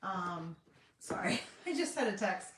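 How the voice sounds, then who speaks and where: Against a noisy background, a middle-aged craft vlogger and independent designer from North Carolina chats casually on a live stream from her home craft room. Her Southern-accented, mid-range voice is very animated yet a little slow, full of fillers and folksy asides, and the echoey room makes her sound a bit far off.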